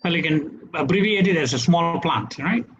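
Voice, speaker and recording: A man's voice: a little high, normal speed, a bit bright, a little hiss or hum. A man with a Malaysian English accent teaching English grammar in an online webinar, checking in with "right?" after each point. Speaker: English trainer. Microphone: webinar computer mic. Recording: dull lo-fi webinar audio.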